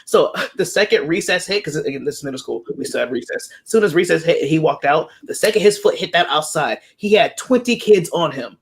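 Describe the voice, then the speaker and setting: Fast-talking young woman telling stories. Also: deep voice, slight background noise. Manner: animated, acts out quoted voices. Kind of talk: casual storytelling chat.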